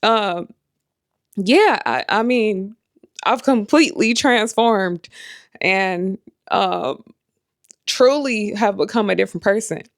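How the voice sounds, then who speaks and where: A woman's voice: medium pitch, slow pace, pauses often, no echo, clean studio sound. A young adult woman talking candidly to her viewers in a casual vlog, rambling with lots of fillers. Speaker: vlogger and life coach.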